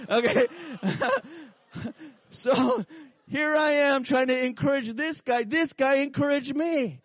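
A man's voice: very high voice, expressive, measured pace, no room sound. A man pastor preaching a sermon full of personal stories, fervent and repeating "you know" and "come on".

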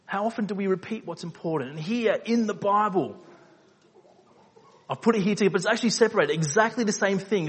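A man's voice: fairly quick, slightly rough. Man preaching in a reverberant hall. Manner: rhetorical questions, repeats phrases for emphasis; swings between quiet, low passages and loud, emphatic peaks. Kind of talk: sermon. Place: church hall.

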